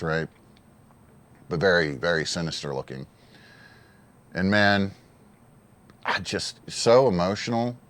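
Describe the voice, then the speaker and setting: Man, very low voice, solo wrestling commentary, casual, earnest, emotional. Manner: earnest, emotional, repeats himself.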